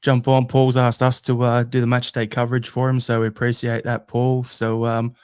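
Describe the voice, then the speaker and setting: A man's voice: medium pitch, completely flat delivery, normal speed, smooth, dry recording, studio quality. An Australian man hosting a casual fan podcast over a video call, easygoing and a little hesitant. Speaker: podcast host.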